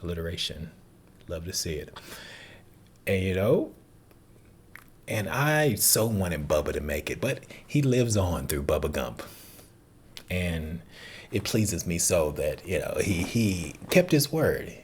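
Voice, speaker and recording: A man's voice: sits low, very animated, slow, pauses often, a little hiss or hum. A man talking casually and earnestly as a movie reaction host, rambling and calling the listener dude and man.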